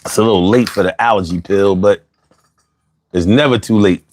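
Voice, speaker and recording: A man's voice: fairly low pitch, normal speed, darkish tone. A man hosting a casual livestream, reading out chat comments in a loose, slangy way and laughing often, a little bothered by allergies.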